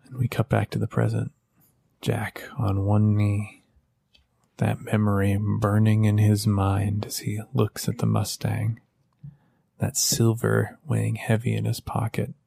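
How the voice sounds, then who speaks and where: Man running a tabletop game, slow solemn storytelling, gravelly dry sound. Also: lowish voice, monotone, mellow, dry recording. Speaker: game master. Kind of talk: dramatic tabletop narration.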